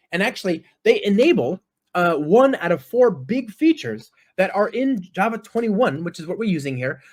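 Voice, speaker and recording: A man giving a live-coding tech talk at a conference, chatty and enthusiastic, often checking in with the audience. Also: high-pitched. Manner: chatty, frequent tag questions. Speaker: conference speaker.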